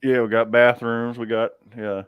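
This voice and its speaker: A man's voice: medium pitch, level tone, moderate pace, clean tone, no room sound, dull audio. A man hosting a live chat from his garage, easygoing, chuckling often and trailing off mid-sentence. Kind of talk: casual chat.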